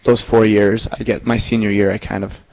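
A young man in his twenties speaks as an interview guest, easygoing and quick to laugh. His voice sits a little low. He answers plainly and without fuss. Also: level tone, a little mellow, poor audio. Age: 20s. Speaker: seminarian guest. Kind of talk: casual interview chat.

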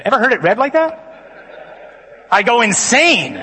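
A man, a priest giving a humorous conference sermon with lively storytelling and mock-dramatic asides. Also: very high-pitched, unhurried, pauses often, breathy edge. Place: large conference hall. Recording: long reverb of a conference hall.

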